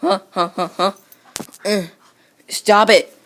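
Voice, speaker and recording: A woman's voice: medium pitch, fairly even intonation, slow pace, a bit bright. A woman talking casually to her pet dog in a home video, teasing and scolding it over and over, with playful growls. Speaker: dog owner.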